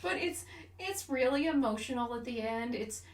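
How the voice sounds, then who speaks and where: A woman co-hosting a podcast in casual chat, animated and emotional as she retells favorite scenes. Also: a little high, normal speed. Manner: animated and emotional, gushing about film moments. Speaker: podcast co-host. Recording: roomy room, mic at a distance.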